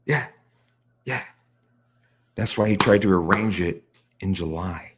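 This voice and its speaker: A man with a fairly low voice reacting to clips on a stream. He is sarcastic and swears freely. He mocks what he hears. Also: a little slow, noisy background. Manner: sarcastic, profane, mocking. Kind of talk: casual reaction commentary.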